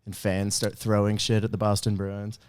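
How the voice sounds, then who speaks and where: A man's voice: on the low side, monotone, normal speed, clear, resonant tone. A man in a casual chat, telling profane anecdotes with lots of swearing. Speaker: band member. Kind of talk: casual storytelling.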